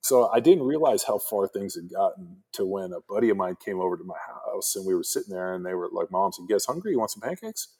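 Deep husky man telling stories. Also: lively intonation, quick pace, few pauses, warm tone. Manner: laid-back, rambling with many "like" fillers, acts out quoted voices. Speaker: podcast guest, former pro football player. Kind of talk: casual storytelling chat.

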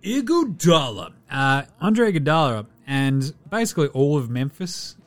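A man's voice: mid-range voice, lively intonation, moderate pace, faint music behind. A man hosting a casual sports podcast, running through game stats with an irreverent, sweary, joking manner. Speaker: podcast host.

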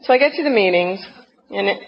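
A woman's voice: medium pitch, fast talker, vocal fry. Comic middle-aged woman with a New Jersey accent. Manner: lively comic storyteller, acting out her past outbursts. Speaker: recovery meeting speaker. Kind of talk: humorous personal story talk. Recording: dull lo-fi recording with faint noise.

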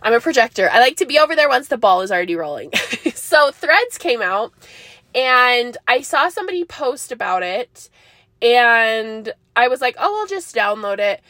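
Young woman, podcast host: chatty, rambling, giggly, slightly high voice, dry close sound. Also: animated, normal speed, pushed and bright, dry recording. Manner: rambling, bubbly, laughs often, many likes and ums. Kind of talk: casual solo podcast chat.

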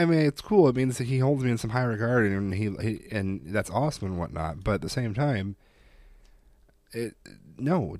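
A man with a low voice in a casual podcast chat. He talks bluntly and swears freely, often going off on rants. The mic is close and dry. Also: darkish tone, dry recording. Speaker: podcast co-host, parent.

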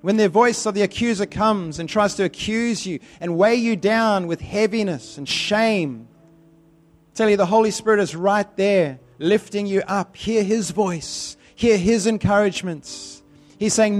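High-voiced fervent male preacher. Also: measured pace, faint music behind. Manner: fervent, repeating phrases for emphasis. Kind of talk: sermon with prayer.

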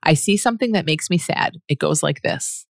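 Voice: mid-range voice, lively intonation, normal speed, no echo, clean studio sound. A speaker answering a listener's question in a reflective teaching monologue, patient and earnest, reasoning aloud and often restarting sentences. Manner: laughs softly mid-sentence.

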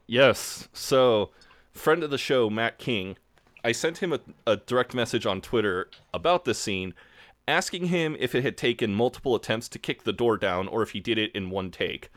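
A man's voice: mid-range voice, animated, normal speed, fairly bright tone, no room sound. An American man hosting a podcast in casual chat, retelling scenes animatedly and acting out the quoted lines. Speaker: podcast host.

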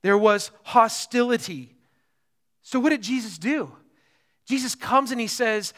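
A man preaching a sermon in a conversational, animated way, often checking in with the listeners. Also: very high-pitched, unhurried, long pauses. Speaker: pastor.

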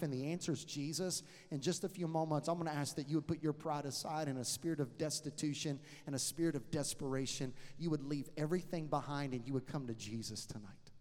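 A middle-aged preacher delivers a sermon in a slightly raised voice. He tells his stories with energy, then drops suddenly into a hush. His words ring out with the long reverb of a large hall. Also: a little high.

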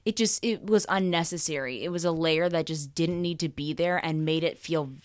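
A woman co-hosting a podcast, chatting casually about a film in a playful, expressive way. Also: sits low, brisk. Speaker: podcast co-host. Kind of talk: casual movie review chat.

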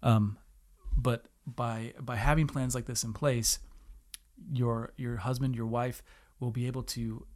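Male co-host, thirties, mid-pitched, earnest scripture reader with an easy laugh. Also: steady tone. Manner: reads verses slowly and earnestly, laughs easily. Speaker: podcast co-host. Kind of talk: casual chat with scripture reading.

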